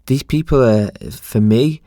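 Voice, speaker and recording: A man's voice: mid-range voice, measured pace, warm tone, no room sound, clean studio sound. A man hosting a podcast, talking in an earnest, reflective way in casual chat. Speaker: podcast host.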